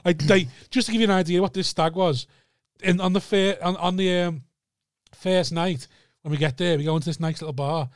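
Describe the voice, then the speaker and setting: A man's voice: high-pitched, brisk, no room sound, clean studio sound. A young man, chatting casually and telling a rambling, sweary story, often laughing. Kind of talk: casual chat.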